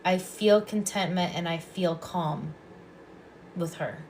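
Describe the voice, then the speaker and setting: A calm woman with a fairly low voice gives psychic readings on a live stream. She speaks softly and unhurriedly and comes back to the same phrases again and again. A faint hiss sits under her voice. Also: takes it slowly. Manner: calm, soft-spoken, repeats phrases. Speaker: psychic reader and past life regressionist.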